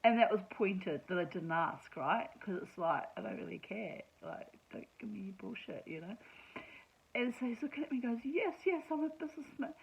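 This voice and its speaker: A woman's voice: mid-range voice, normal speed, gravelly, highs cut off, a little hiss or hum. A woman telling a personal story in a casual monologue, chatty and sarcastic, laughing often. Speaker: vlogger.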